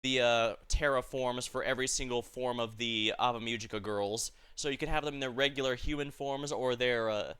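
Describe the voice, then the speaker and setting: A man's voice: mid-range voice, fairly even intonation, normal speed, few pauses, a bit bright, clear, resonant tone. A man streaming, reading a game's event story aloud with chatty asides and frequent self-corrections.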